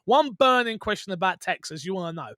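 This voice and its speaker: A young British man hosting a gaming podcast, tired, chatty and excitable, going from loud outbursts to mumbled asides. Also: high voice, brisk, no echo, studio quality. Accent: British English. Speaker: podcast host. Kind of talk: casual podcast chat.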